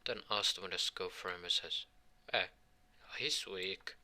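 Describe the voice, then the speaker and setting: Man, improvised storyteller; halting, rambling delivery, very bright, tense tone. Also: low voice. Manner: voices the characters' lines in his own voice. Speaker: fan fiction storyteller. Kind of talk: improvised fan fiction storytelling.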